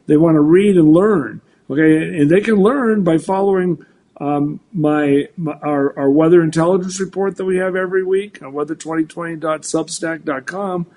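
Man in his sixties, meteorologist, animated, stumbling restarts, higher voice. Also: moderate pace. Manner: animated, full of restarts and repeats. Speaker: meteorologist guest. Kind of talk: casual talk show chat.

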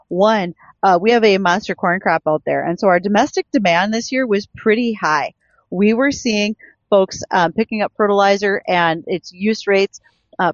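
A woman from North Dakota hosting agriculture radio, folksy and brisk as she runs through market facts. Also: mid-range voice, no echo, lo-fi sound. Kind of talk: radio farm market talk. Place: radio studio.

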